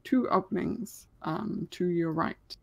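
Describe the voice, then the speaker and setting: A woman's voice: fairly low pitch, takes it slowly, vocal fry, breathy edge. A woman running a tabletop game as game master, narrating scenes in a hesitant way with many ums.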